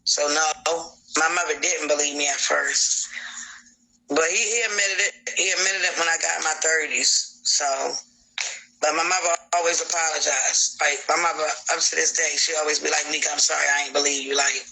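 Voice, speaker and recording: A man's voice: a little high, fairly even intonation, moderate pace, gravelly, bright, forceful tone, low-quality recording. Blunt, cursing man. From Baltimore, USA. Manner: blunt, profane, emphatic storytelling. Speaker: guest telling a personal story on a live stream. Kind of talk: candid live-stream testimony.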